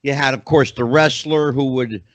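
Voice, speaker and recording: A middle-aged man hosts an interview podcast, talking in a chatty, animated way and building up to his questions at length. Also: mid-range voice, normal speed, no room sound. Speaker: podcast host. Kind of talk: conversational interview hosting.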